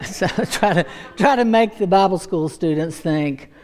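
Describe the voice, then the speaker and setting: Woman preacher, middle-aged, warm-toned storyteller, animated, laughs easily. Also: fairly low pitch, measured pace. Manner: animated storytelling, acts out voices, laughs often. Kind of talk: sermon with personal testimony.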